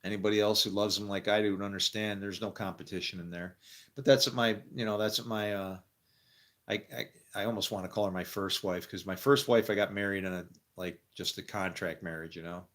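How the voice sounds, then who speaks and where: Man, lowish voice, rambling monologue, frequent laughs, trails off into mumbles. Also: steady tone, a little fast, fairly bright tone. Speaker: storyteller.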